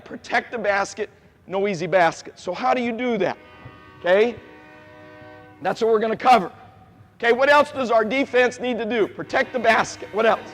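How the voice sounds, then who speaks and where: Brief: animated high-voiced man as youth basketball coach, quizzing kids, long gym reverb. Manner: animated, asks the players questions, repeats key points. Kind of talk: coaching clinic instruction. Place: gym with players on court.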